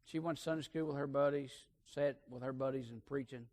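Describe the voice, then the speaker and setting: A man preaching a sermon, telling a folksy story and swinging between hushed and loud emphasis. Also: medium pitch, steady tone, a little fast.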